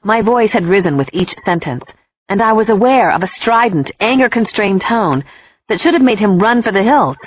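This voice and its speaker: A woman narrating an audiobook in an expressive, emotional first-person storytelling voice. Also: mid-range voice, moderate pace, no room sound. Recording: dull lo-fi dry recording.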